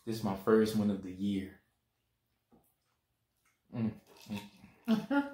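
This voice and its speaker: A man's voice: on the low side, level tone, slow, warm tone. A man joining a casual eating show, laid-back and humming while he eats. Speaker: co-host. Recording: echoey room.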